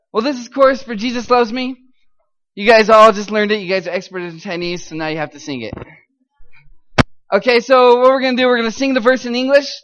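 A man's voice: high voice, fairly bright tone. A man giving an upbeat missions talk at a church gathering, leading the audience in call-and-response and cheering them on. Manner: upbeat, encouraging, coaxing the crowd to repeat. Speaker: missions speaker. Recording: slightly muffled lo-fi recording.

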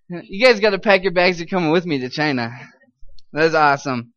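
A man with a high voice gives a lively, encouraging talk to a live crowd, getting them to repeat after him and praising them often. The recording is a bit muffled and lo-fi, like a live talk taped in a church. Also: moderate pace. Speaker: missions speaker. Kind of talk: live talk with audience call-and-response.

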